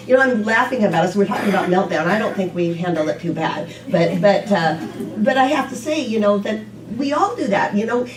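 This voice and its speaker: A woman minister giving a relaxed, conversational sermon, often saying "you know" and getting lively when she tells stories. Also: mid-range voice, slight background noise. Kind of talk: informal sermon. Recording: echoey room, mic at a distance.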